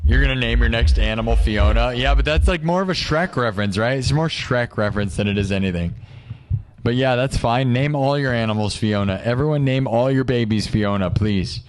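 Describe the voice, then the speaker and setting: A young man hosts a livestream, talking a little fast at a medium pitch. He chats casually, jokes, and rambles while reading viewer comments aloud, firing off rhetorical questions along the way.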